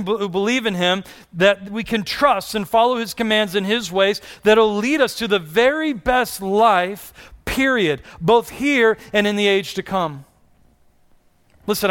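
A man's voice: high voice, a bit bright, clear, resonant tone. A man preaching a sermon in an earnest style, with rising and falling delivery and repeated questions to the congregation. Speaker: pastor.

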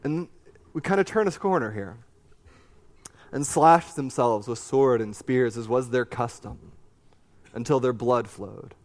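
A man preaching a sermon, reading scripture and adding animated, conversational asides with a joking streak. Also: mid-range voice, measured pace, long pauses. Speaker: pastor.

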